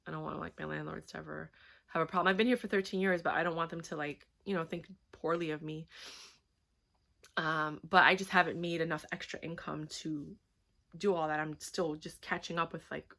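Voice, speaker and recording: A woman's voice: low voice, fairly even intonation, brisk, creaky, fairly bright tone. A woman in her thirties telling a personal story in a candid, rambling vlog, full of fillers and swearing. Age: 30s. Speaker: vlogger.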